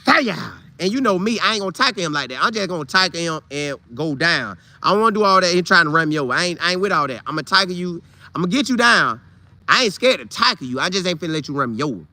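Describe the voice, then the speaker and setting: A man telling a funny old football story casually, with loud sound effects and vivid retelling. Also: high-pitched, animated, fast, no room sound. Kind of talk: animated storytelling.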